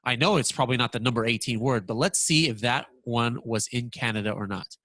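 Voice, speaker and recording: A man presenting a software walkthrough lesson, talking excitedly and stammering when surprised. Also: medium pitch, brisk, dry recording.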